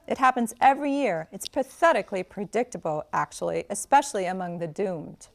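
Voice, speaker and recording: A woman reading the part of a deadpan young kitchen worker in a novel excerpt, keeping his lines dry and understated. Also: medium pitch, brisk, vocal fry, close to an everyday voice.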